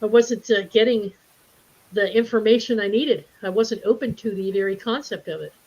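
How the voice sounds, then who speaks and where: A woman telling a story in a casual group talk, animated and laughing often as she acts out the voices of people in it. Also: medium pitch, normal speed. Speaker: spiritual group speaker. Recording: dull lo-fi livestream audio.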